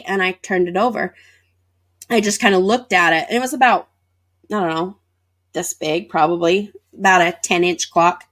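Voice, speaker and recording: A woman's voice: lowish voice, a bit bright. A woman, a guest in an interview, recounting a personal experience and acting out what people said. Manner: vivid retelling with acted-out dialogue. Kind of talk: personal storytelling.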